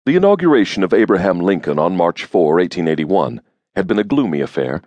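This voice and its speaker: A man reading an audiobook in steady, grave scripted narration. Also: low voice, brisk, no room sound, lo-fi sound. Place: studio booth. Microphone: close studio mic.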